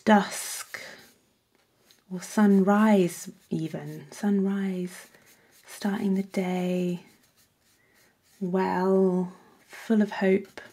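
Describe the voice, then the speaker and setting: A woman hosting a painting tutorial, chatting casually as she works and often dropping into soft whispers. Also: medium pitch, vocal fry, breathy edge. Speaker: art workshop host.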